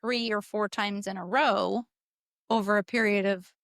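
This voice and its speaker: A woman co-hosting a parenting podcast, explaining in a measured way and filling in her partner's points. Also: medium pitch, fairly even intonation, fairly bright tone, no room sound, clean studio sound. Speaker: podcast co-host. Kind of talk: casual conversational podcast.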